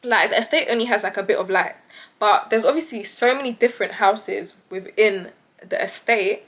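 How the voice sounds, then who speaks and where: A young woman with a British accent telling a story to her vlog audience, animated and acting out the voices of the people in it. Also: normal speed. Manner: animated, acts out quoted voices with big pitch jumps. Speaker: vlogger.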